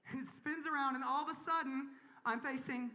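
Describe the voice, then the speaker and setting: A woman's voice: sits high, fairly even intonation, a little slow, bright, forceful tone. A woman from Kentucky doing a crude, self-mocking stand-up comedy set on a convention main stage, laughing at her own jokes. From Kentucky, USA.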